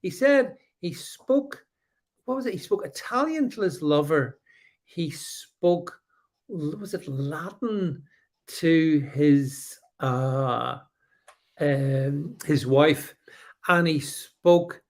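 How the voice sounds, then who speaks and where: A man co-hosting a podcast, chatting casually about politics and reading out live comments, with many restarts. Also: fairly high pitch. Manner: halting, many restarts, animated. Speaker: podcast co-host.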